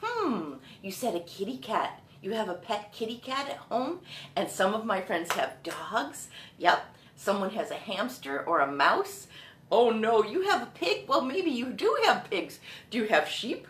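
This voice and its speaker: A woman hosting a live children's singalong show, talking slowly and in a sing-song way to small children. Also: mid-range voice, big pitch swings. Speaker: children's music host. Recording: echoey room with loud guitar.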